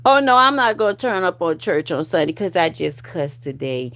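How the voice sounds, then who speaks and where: A woman in her forties ranting at her online viewers, profane and confrontational, with loud bursts of laughter. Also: fairly low pitch, very animated, normal speed. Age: 40s. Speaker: vlogger.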